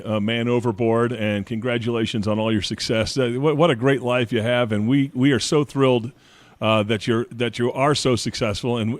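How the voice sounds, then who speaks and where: A man co-hosting a podcast interview, effusive and halting as he talks. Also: medium pitch, no room sound. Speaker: podcast co-host. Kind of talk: casual interview chat.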